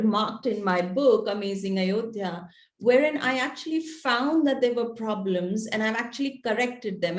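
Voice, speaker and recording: A woman author being interviewed, explaining things in an earnest, thoughtful way. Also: fairly high pitch. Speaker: author guest. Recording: echoey room.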